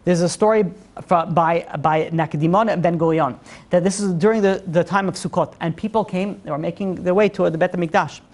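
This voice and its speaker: A woman teaching a religious class, telling stories in a lively way with many "you know, like" fillers and acted-out quotes. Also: brisk. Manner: animated storyteller, acts out quotes with big pitch jumps. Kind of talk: religious lesson storytelling.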